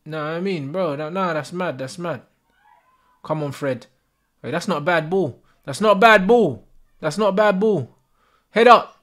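A young man giving a live, sweary football watch-along, shouting at players and the referee in street slang. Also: a little high, normal speed, pauses often. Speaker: football fan streamer.

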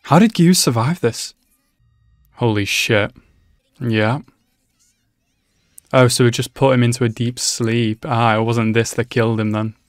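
A man of ordinary pitch reacts live to an episode on a close, dry microphone. He mutters his thoughts, then bursts into loud swearing and exclamations when the story turns tense. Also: flat delivery, a little slow, pauses often, clean tone, no room sound, soft background music. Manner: emotional, swears often, exclaims loudly at tense moments. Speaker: anime reaction channel host.

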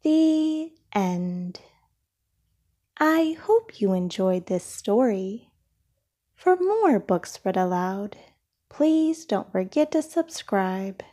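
A woman reads a children's storybook aloud at a very slow, deliberate pace. Her voice rises and falls a great deal, with a mellow, slightly husky tone. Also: medium pitch. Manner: slow, expressive, sound effects whispered. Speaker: storybook reader. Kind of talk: children's read-aloud narration.

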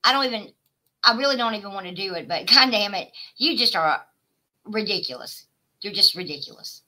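A woman, live streaming a profane, taunting rant at a rival, swinging from shouted demands to low mutters. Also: lively intonation, fairly quick, rough recording. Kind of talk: confrontational livestream rant.

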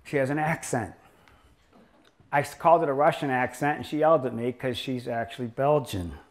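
Speaking fast at a medium pitch, a man delivers a lecture to a live audience in his role as a doctor. He rambles and jokes his way through stories about patients.

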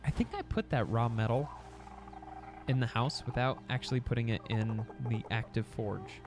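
A man hosting a gaming channel, chatting casually at home through his gameplay with a chatty, excitable manner and frequent stammered restarts. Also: mid-range voice, normal speed, music in the background. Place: home recording setup.

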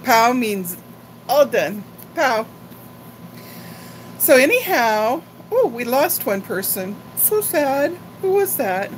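A woman's voice: fairly high pitch, sing-song, takes it slowly, a little hiss or hum, low-quality recording. An older woman chatting casually and rambling on a live-stream haul video, talking like a grandmother. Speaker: vlogger.

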